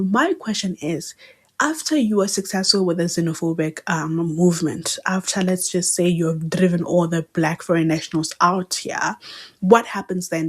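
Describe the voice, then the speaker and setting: South african lady vlogging her opinions, kinda low voice, earnest and pushy with the questions. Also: husky. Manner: earnest, argumentative, with pointed rhetorical questions. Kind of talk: social commentary vlog.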